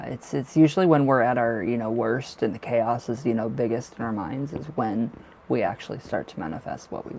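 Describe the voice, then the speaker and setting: A man's voice: mid-range voice, gravelly, darkish tone. A man giving a casual live tarot reading, talking loosely and repeating himself as he goes. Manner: casual, rambling, repeats words. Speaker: tarot reader.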